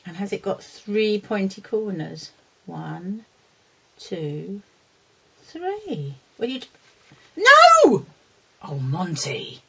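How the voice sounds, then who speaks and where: Lady teaching little kids on video, slow and lively, a bit husky. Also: on the low side, poor audio. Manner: talks fondly to a puppet dog and the children, with laughs and scolding. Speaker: teacher presenting a children's lesson. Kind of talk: children's lesson video.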